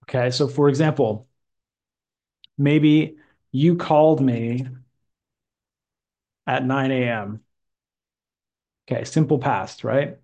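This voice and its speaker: A man teaching English grammar, speaking slowly and deliberately and drawing out key words for a student. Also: mid-range voice, fairly even intonation, darkish tone.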